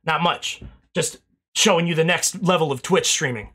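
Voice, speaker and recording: A man's voice: on the high side, moderate pace, sharp tone, breathy edge. A young man streaming, rambling casually through thank-yous to his chat and swearing now and then, a little out of breath.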